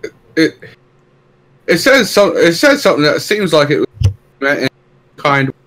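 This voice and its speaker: A man's voice: on the high side, very animated, unhurried, a bit bright. A man playing a tabletop game, hesitant and playful, cracking jokes. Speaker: player. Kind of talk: casual tabletop game play.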